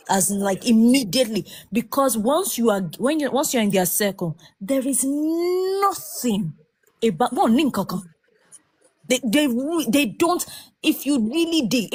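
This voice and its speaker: A woman's voice: a little high, darkish tone, no room sound. A woman, a guest in a casual discussion, making her points emphatically and checking that the listener follows.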